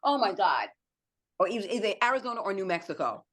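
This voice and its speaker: A woman's voice: medium pitch, fast. A middle-aged woman who is a podcast guest, chatting casually and acting out other people's lines as she tells stories. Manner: animated storyteller, acts out quotes.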